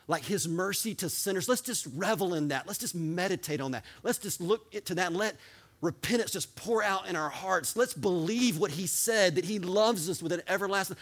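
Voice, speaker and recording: Excited preaching man, fairly high voice. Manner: excited preaching, sometimes yelling, animated. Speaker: pastor. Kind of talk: sermon.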